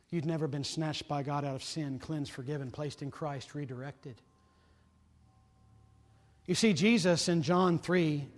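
A man preaching a sermon, earnest and urgent, swinging between loud emphasis and hushed, quiet lines. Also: fairly high pitch, long reverb tail.

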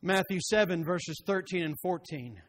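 A man's voice: high-pitched, lively intonation, moderate pace. A man preaching a sermon, quoting scripture by chapter and verse and building to impassioned, emphatic pleading.

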